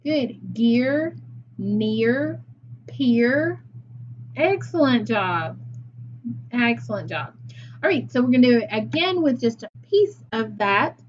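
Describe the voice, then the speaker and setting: A woman's voice: a little high, lively intonation, slow, pauses often, muffled recording, a little hiss or hum. A woman teacher leading a phonics lesson for young children, patient and praising as she sounds words out.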